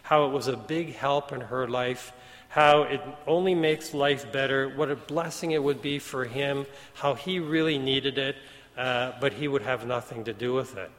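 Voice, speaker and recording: Man preaching a sermon story, mid pitch, long reverb of a large hall, for a storytelling sermon read. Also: moderate pace, a bit bright. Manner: retells a story with quoted dialogue, occasional restarts.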